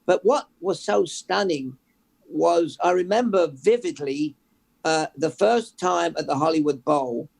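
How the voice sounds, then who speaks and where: An older man from England, a journalist guest, telling stories in a lively, conversational way with many restarts. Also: fairly high pitch, a little slow, creaky. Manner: storytelling, animated, restarts with repeated words. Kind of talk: conversational interview.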